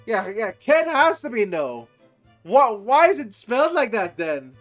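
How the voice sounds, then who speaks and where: A male streamer commenting live on a game, excitable and swearing, with sudden loud outbursts. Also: very high voice, a little slow, faint music behind.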